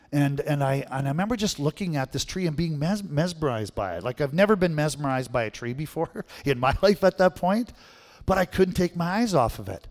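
This middle-aged preacher from Manitoba, Canada, speaks in a highish, slightly mellow voice. His sermon weaves in stories and questions to the crowd punctuated by a frequent "right?", recorded with long reverb in a hall.

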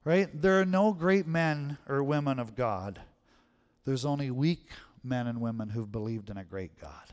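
Pastor preaching in a reverberant hall. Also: male voice, medium pitch, unhurried, a little mellow. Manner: conversational preaching, frequent "right?" check-ins. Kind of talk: sermon. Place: church sanctuary.

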